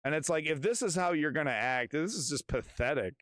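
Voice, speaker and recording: A man's voice: a little high, lively intonation, fairly quick, a bit bright, slight background noise. A man hosting a livestream, reacting in casual, rambling, profane commentary from his garage. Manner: rambling, swearing, restarts, laughing along. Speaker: livestream host.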